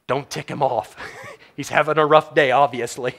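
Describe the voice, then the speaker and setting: A man delivers a sermon with animated storytelling. He acts out the quotes and laughs often. His voice sits a little high for a man. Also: a little slow, pauses often. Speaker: preacher.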